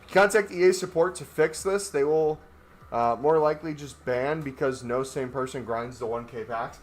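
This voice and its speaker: A man's voice: a little high, lively intonation, normal speed, a little hiss or hum. A man chatting casually on a gaming livestream, rambling and joking while he walks on a walking pad. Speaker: gaming streamer.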